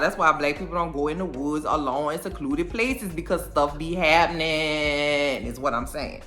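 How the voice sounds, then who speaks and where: A woman giving a casual, animated and sassy recap of a TV episode. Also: low-pitched, normal speed, hardly any pauses, soft background music. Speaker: show recapper.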